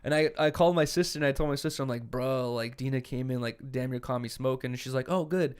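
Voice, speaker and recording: A man's voice: mid-range voice, fast talker, clear, resonant tone. A young man from California co-hosting a podcast, telling laid-back, profane stories in casual chat and acting out what people said. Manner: laid-back storytelling, profane, acts out quotes. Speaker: podcast co-host.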